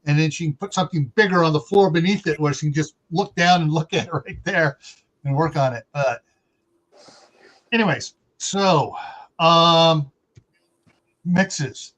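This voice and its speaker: Chatty middle-aged male host with a high voice, laughs easily, reads out viewer comments. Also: a little slow, long pauses, fairly bright tone. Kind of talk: casual livestream chat.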